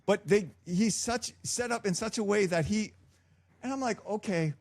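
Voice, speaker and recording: Ranting high-voiced middle-aged man. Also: darkish tone, dry recording. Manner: ranting, halting, laughing through restarts. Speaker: podcast co-host, father. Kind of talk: casual chat.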